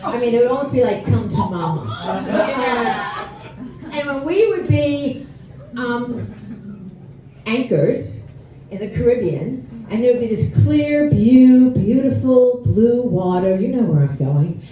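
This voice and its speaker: A woman's voice: fairly high pitch, expressive, slow pace, dark tone, a little hiss or hum. A woman in her sixties telling a humorous, self-deprecating story at a live storytelling event. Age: 60s. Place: hall with an audience. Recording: echoey room, mic from far off.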